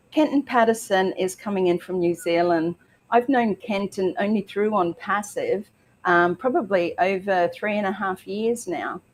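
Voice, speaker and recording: A woman's voice: medium pitch, low-quality recording. A middle-aged Australian woman hosting a live online show, greeting viewers by name in a chatty way with lots of fillers and a slight tickle in her throat. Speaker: livestream host. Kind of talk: upbeat live show welcome.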